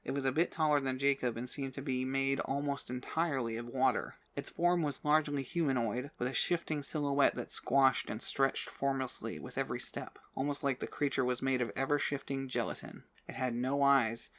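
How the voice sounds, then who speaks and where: A man's voice: mid-range voice, steady tone, moderate pace, few pauses, a bit bright. Man narrating a fantasy audiobook. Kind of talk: scripted narration.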